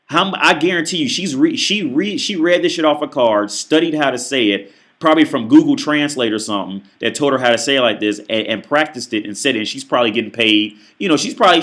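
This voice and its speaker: A man's voice: medium pitch, fairly bright tone. A man ranting through a reaction video commentary, profane and emphatic, often stammering and restarting his sentences.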